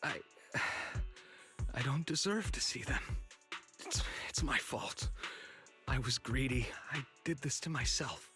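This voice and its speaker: A man's voice: high-pitched, lively intonation, a little fast, hardly any pauses, soft background music. An actor voicing a frightened, guilt-ridden man in a video game, pleading desperately.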